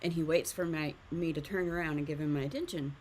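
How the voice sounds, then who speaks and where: A woman's voice: deep voice, steady tone, quick pace, a little mellow, slight background noise. A woman hosting a live art stream, chatting casually while teaching drawing and often laughing at herself.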